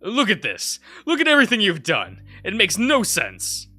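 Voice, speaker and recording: A man's voice: mid-range voice, sing-song, slow, bright, forceful tone, soft background music, voice pushed up, exaggerated voice. A man voicing a tied-up male wolf who pleads and speaks through gritted teeth. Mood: desperate.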